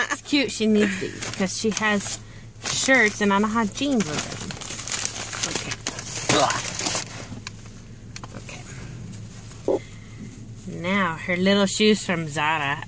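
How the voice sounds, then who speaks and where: A woman's voice: medium pitch, background noise. A woman vlogger unboxing reborn dolls in casual chat, gushing and cooing as she talks.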